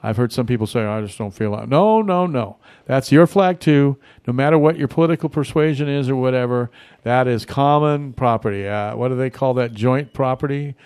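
A man's voice: mid-range voice, moderate pace, darkish tone, clear, resonant tone, dry recording. Chatty man hosting local radio. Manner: rambling, friendly, many fillers and restarts. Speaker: radio host. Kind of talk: casual talk radio chat. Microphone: studio mic.

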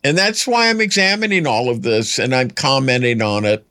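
A man's voice: mid-range voice, normal speed, bright, forceful tone, dry recording. A man hosting a political commentary show, talking in a rambling way with many fillers and restarts and dry, wry asides. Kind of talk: casual political commentary monologue.

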